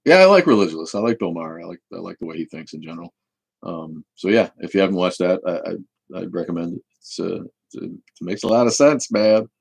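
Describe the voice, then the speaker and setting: A man's voice: deep voice, animated, quick pace, creaky, slightly rough, no room sound, poor audio. A man hosting a casual livestream Q&A who rambles, restarts his sentences and swears freely. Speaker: host.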